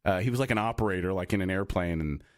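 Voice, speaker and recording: A man's voice: low voice, fast, no room sound. Young man, casual podcast chat, rambling, fillers and restarts, dry close sound. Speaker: podcast co-host.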